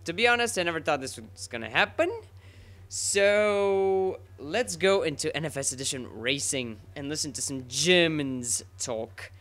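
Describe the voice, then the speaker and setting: Young male gaming host, rambling, sweary, bright tone. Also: sits high. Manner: excitable, rambling, sweary, self-mocking. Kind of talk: live gameplay commentary.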